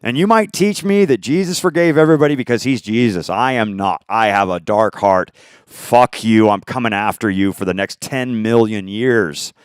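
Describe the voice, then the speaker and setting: A man in an angry, profane, unscripted rant, swinging between shouting and muttering. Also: on the low side, normal speed, clean tone, no echo, clean studio sound.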